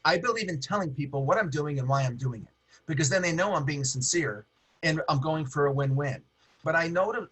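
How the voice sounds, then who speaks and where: A middle-aged man teaching over a video call, rattling along at a quick, animated pace. His voice sits a little high and sounds bright and husky. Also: rough recording. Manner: fast-talking, animated, with hand gestures. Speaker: guest trainer on a webinar. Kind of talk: casual webinar teaching.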